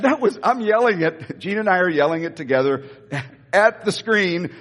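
Animated preacher in an echoey hall. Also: male voice, high-pitched. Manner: emphatic, repeats key lines, swings from slow stressed phrases to quick asides. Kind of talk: sermon.

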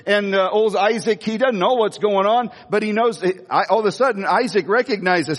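A man's voice: high-pitched, normal speed, few pauses. A male pastor preaching a sermon, telling stories animatedly with emphatic repetition and frequent laughter. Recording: long reverb of a large hall.

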